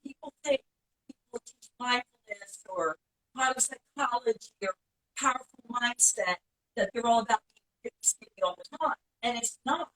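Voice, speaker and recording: Bright, lively woman talk-show host. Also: a little high, moderate pace, low-quality recording. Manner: animated, playful, acts out quoted voices. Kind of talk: casual interview chat.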